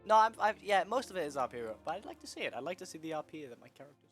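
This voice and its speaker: A man's voice: sits high, expressive, rapid-fire, fairly bright tone, faint music behind. Laid-back male game master. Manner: laughing, loose, swearing. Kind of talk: narrating a tabletop game.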